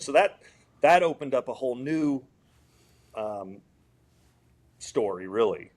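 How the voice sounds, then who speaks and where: A male guitar builder talks as an interview guest, easygoing and rambling. His voice sits at an ordinary middle pitch. He drifts through fillers and acts out little bits of dialogue as he goes. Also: takes it slowly, pauses often. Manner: relaxed, rambling, with many fillers and quoted dialogue. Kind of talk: casual storytelling in an interview.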